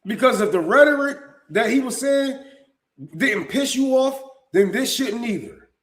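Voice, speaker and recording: A man's voice: very high-pitched, lively intonation, unhurried, reverberant. A man hosting a live-stream commentary, talking in a profane, heated and blunt way and often restarting his sentences.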